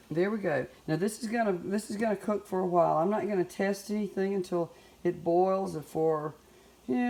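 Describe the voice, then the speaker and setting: A woman's voice: lowish voice, gravelly, dark tone, a little hiss or hum. A middle-aged woman with a Southern US accent, chatting folksily in her home kitchen as she cooks. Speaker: home cook. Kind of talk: casual cooking demonstration.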